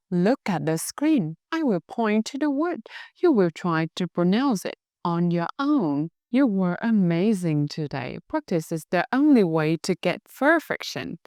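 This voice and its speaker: Woman with a Hanoi accent, Vietnamese native, teaching tones, smooth voice, slightly low, encouraging. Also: a little mellow, dry recording, studio quality. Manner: patient, encouraging, models each word slowly. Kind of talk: slow, clear tone lesson with drills.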